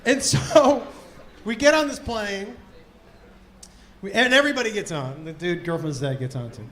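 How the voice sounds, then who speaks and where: Middle-aged stand-up guy, kinda high voice, loud and sweary, yelling punchlines, faint crowd in the room. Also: moderate pace, a little hiss or hum. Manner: loud, profane storytelling with bursts of shouting. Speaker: stand-up comedian. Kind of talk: stand-up comedy set. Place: comedy club stage before a laughing audience. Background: audience laughter and room ambience.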